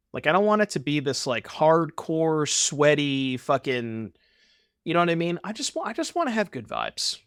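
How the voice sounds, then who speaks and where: A man's voice: on the high side, no echo, clean studio sound. A young man streaming a card game, chatting casually and rambling to his viewers with the odd swear.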